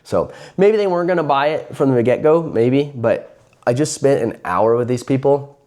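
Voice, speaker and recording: A man's voice: mid-range voice, expressive, normal speed, darkish tone. A man telling a casual, rambling story to camera about a card vendor encounter, with many fillers and restarts.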